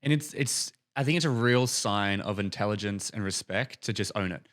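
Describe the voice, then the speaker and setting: A man's voice: on the low side, normal speed, fairly bright tone. A man co-hosting a podcast and coaching, telling stories eagerly in casual chat.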